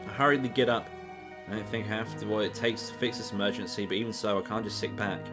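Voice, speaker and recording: A woman's voice: very deep voice, fairly even intonation, fast talker. A woman streamer narrating a visual novel playthrough, with wry, chatty asides over game music.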